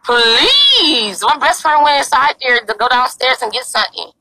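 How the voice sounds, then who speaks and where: A woman's voice: high voice, big pitch swings, normal speed, vocal fry, pushed and bright, no room sound, low-quality recording. A young woman livestreaming outdoors in a parking lot on her phone, talking in a brash, crude and pleading way. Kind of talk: casual live-stream chat.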